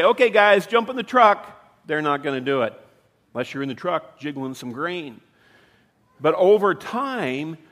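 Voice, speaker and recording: A man's voice: on the high side, fairly bright tone. A man in his fifties preaching a sermon in a conversational way, asking his listeners questions. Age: 50s. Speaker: pastor. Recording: long hall reverb.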